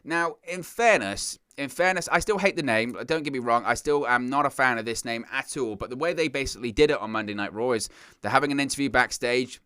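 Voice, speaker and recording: A man's voice: mid-range voice, brisk, clean tone, no echo, clean studio sound. A man hosting a wrestling news show, giving casual, exasperated and opinionated commentary. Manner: exasperated, ranting, animated.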